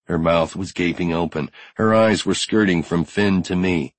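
A man's voice: deep voice, moderate pace, hardly any pauses, no room sound. A man narrating a first-person audiobook with tense, driven storytelling.

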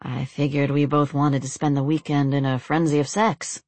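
A woman voicing a relaxed, teasing young man in a storybook reading, her voice dropped slightly lower. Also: moderate pace, dry recording. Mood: easygoing.

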